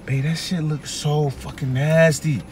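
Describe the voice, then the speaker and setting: A man's voice: a little high, fairly even intonation, measured pace, darkish tone, slight background noise. A young man, alarmed and pleading with his girlfriend, swearing often. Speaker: boyfriend being pranked. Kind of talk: casual prank reaction.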